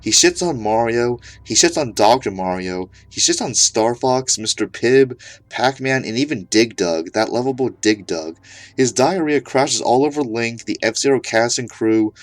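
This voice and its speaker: A man's voice: medium pitch, no room sound. A man narrating an absurd comedic horror story in a mock-serious tone.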